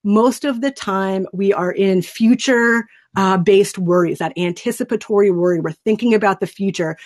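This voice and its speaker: A woman trainer leading a webinar, calmly and soothingly guiding listeners through a breathing exercise. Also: medium pitch, moderate pace. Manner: calm, soothing and instructive. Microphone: desk microphone.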